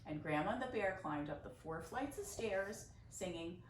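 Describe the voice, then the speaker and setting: A woman's voice: medium pitch, animated, moderate pace, hardly any pauses. A woman teacher reading a picture book aloud to children, with chatty asides and explanations of Yiddish words. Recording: roomy, distant mic, faint noise.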